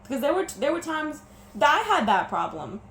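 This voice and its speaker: Young woman venting about a breakup, teary and halting, fairly high voice, roomy echo. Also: big pitch swings, gravelly, a bit bright. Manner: emotional, talks through tears, stumbles and restarts. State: teary, sniffling. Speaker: vlogger. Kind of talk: personal vlog about a breakup. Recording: echoey room with faint background noise.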